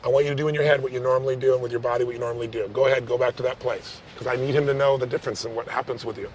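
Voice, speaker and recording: A man coaching someone live on stage, talking fast and pushing with direct, probing questions. His voice sits at a middle pitch, with faint noise behind it. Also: steady tone. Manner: intense, direct, coaxing questions.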